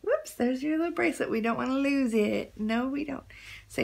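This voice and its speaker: A woman's voice: high voice, animated, moderate pace, gravelly. A young woman talking baby talk to a doll, doting and sing-song, repeating words over and over. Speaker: vlogger playing with a baby doll.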